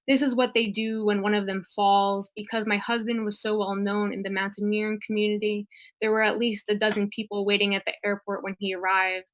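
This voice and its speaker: A woman reads her memoir prose in a quiet, restrained manner. Her pitch barely moves, and the sound is dry and close with no room around it. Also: dry recording, low-quality recording. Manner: quiet, even, restrained reading. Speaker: graduate writing student. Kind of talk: reading her own memoir prose aloud.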